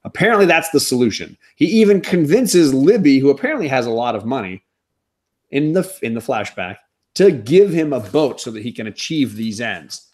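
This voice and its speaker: A man hosting a casual TV recap chat, talking in an animated, wry way with quick asides. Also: mid-range voice. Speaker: podcast host.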